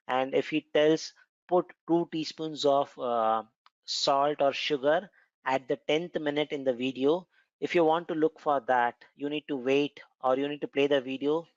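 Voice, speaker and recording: A man's voice: on the high side, no room sound, lo-fi sound. A man with an Indian accent explaining cloud features in a conversational recorded lesson, with frequent filler words. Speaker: cloud computing instructor. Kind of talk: recorded technical lesson with demo.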